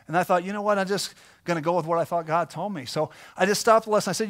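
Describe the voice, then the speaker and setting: A man's voice: fairly high pitch, fast talker, hardly any pauses, fairly bright tone. A middle-aged male pastor preaching a sermon in a folksy, conversational storytelling way.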